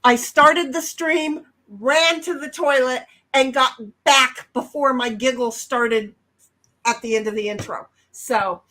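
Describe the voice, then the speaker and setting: A woman co-hosting a casual livestream chat, blunt and brash, swearing freely and breaking into sudden loud outbursts. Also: high voice, fairly even intonation, slow. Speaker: livestream co-host.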